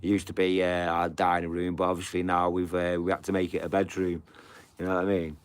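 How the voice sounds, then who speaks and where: A middle-aged male live streamer with a low, clean-toned voice talks briskly in a flat delivery. Chatting casually with viewers from home, he rambles, swears, and pads every line with "you know."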